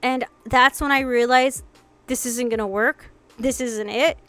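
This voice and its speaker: A young woman with a high, light voice tells a personal story straight to her viewers. She is animated and casual, leaning on "like" and restarting sentences as she voices the people in her story. Faint music plays behind her. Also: unhurried, clean tone. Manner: animated, acts out quotes, many "like"s and restarts. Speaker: vlogger. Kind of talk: storytime chat.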